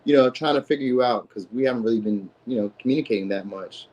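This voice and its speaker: An adult man and father streams a casual live tarot reading, rambling in slangy talk and saying "you know what I mean" a lot. His voice is medium-pitched and a little mellow, quick-paced, with lo-fi sound.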